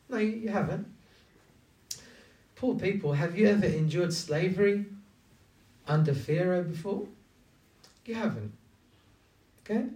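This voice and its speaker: A man's voice: fairly high pitch, mellow. A man preaching a conversational sermon who keeps asking his listeners questions. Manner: engaging, asks the audience many rhetorical questions. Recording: echoey room, distant from mic.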